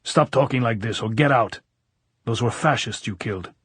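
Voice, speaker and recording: Rough, hot-tempered guerrilla man, read by a man, coarse and shouty. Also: medium pitch, fairly quick, no echo, clean studio sound, pitched above the performer's own voice. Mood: angry.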